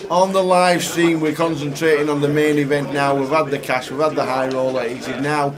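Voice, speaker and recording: Wrapping up the day's results on a poker live stream, this commentator sounds upbeat and chatty before signing off with thanks. His voice is on the high side, level in tone and a little fast, against crowd noise in a live-event poker room.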